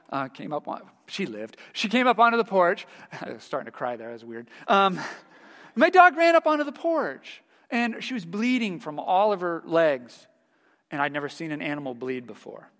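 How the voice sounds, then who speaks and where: A male pastor preaching a sermon, telling stories in a lively, animated way and laughing along with them. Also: on the high side, big-room sound. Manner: storytelling, laughs heartily while telling anecdotes.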